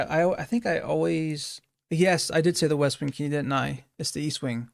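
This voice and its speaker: A man's voice: fairly high pitch, steady tone, moderate pace, gravelly, no echo, studio quality. A man giving casual commentary while practicing a game speedrun, thinking aloud, repeating phrases and correcting himself as he plays. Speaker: speedrunner streamer.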